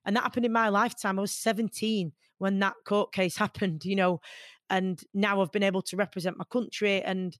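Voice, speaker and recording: A woman in her forties with a Mancunian accent, from Manchester, talking as an interview guest in an earnest, animated way. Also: mid-range voice, brisk, no echo, studio quality. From Manchester, England. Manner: earnest and animated, many fillers. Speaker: guest, boxer. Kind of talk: conversational interview.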